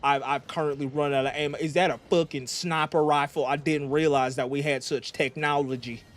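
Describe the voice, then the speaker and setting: A man's voice: on the high side, fairly even intonation, a little fast, close to an everyday voice. A man voicing a brash, crude male American president parody with a put-on American drawl, blustering and rambling with stammered restarts during a gaming livestream. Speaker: VTuber streamer.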